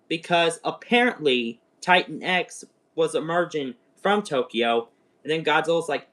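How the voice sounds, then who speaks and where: A young man chatting through a spoiler review on a livestream, his voice sitting a little high. He rambles excitably, like an eager fan catching up with friends. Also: normal speed. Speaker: show reviewer. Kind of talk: casual spoken review livestream.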